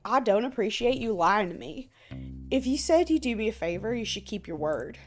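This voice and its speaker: A woman's voice: fairly high pitch, expressive, moderate pace, soft background music, natural voice. A woman voicing a pushy, petulant young rabbit in a game, with a put-on Southern accent. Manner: pushy, whiny.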